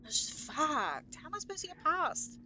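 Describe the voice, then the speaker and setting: Young woman streamer with a high, very bright voice. Casual, profane commentary that breaks into shrieks. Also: sing-song, normal speed, slight background noise, low-quality recording. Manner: swears freely, shrieks at scares, chats to viewers. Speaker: game streamer.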